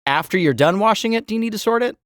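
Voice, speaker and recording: A man's voice: sits high, animated, quick pace, fairly bright tone, no room sound, studio quality. A man co-hosting a casual comedy podcast, joking around and laughing often. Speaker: podcast co-host.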